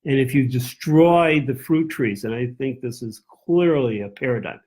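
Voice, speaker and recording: A man's voice: mid-range voice, normal speed, a little mellow, slightly rough. A man teaching as a rabbi in a text-study class. He reads verses aloud in Hebrew, translates them and thinks aloud with restarts and self-corrections.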